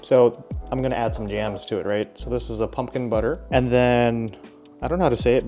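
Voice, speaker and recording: A man's voice: medium pitch, fairly quick, darkish tone. Young male vlogger, easygoing and chatty, mid-range voice, light music under him. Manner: chatty, upbeat, self-deprecating asides. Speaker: fitness vlogger. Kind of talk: casual vlog narration.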